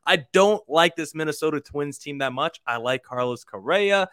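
Sports show cohost guy, pushy picks, a bit high voiced, dry mic. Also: expressive, fairly bright tone, clean tone, no echo. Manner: fast, emphatic opinions. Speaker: podcast co-host. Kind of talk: casual sports chat.

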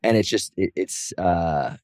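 A man's voice: deep voice, a little slow, no echo, studio quality. A man, a professional wrestler, telling stories in a casual interview, jumping into raised voices to act out what others said. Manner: animated, acts out quotes in raised voices. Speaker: wrestler and comic, guest.

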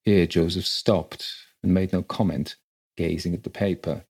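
Low, husky man reading a ghost story. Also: fairly even intonation, darkish tone. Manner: measured, dramatic delivery. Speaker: story reader.

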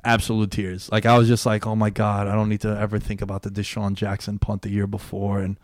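A young man hosts a casual sports podcast. He has a fairly low voice and tells his stories in an excitable rush, swearing freely. The sound is dry and close. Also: quick pace, no room sound. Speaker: podcast host. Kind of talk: casual chat.

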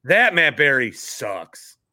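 A man's voice: mid-range voice, very animated, slow, bright, forceful tone, no room sound, clean studio sound. A man co-hosting a casual sports podcast, joking and putting playful emphasis on words. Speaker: podcast co-host.

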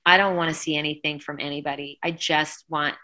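A middle-aged woman, a singer being interviewed, recounting events in a lively, emotional way and acting out quoted dialogue. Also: deep voice, a little fast. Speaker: guest singer. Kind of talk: conversational interview storytelling.

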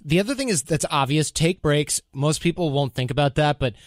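Lively male podcast host giving advice. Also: on the high side, fairly quick, no echo, clean studio sound. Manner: animated, advice-giving, mock-quoting himself. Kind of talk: casual podcast chat.

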